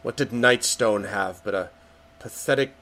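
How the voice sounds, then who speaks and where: Low-voiced man running a tabletop game. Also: unhurried, pushed and bright. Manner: loose narration with many fillers, quoting characters. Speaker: game master.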